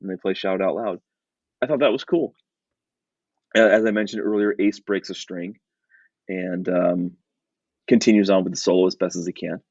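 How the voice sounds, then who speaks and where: A man with a fairly low voice co-hosts a casual podcast. He rambles and restarts his sentences, with fillers everywhere. The sound is dry and slightly muffled. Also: fairly even intonation, normal speed, creaky, long pauses, a little mellow, husky, no echo. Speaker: podcast co-host.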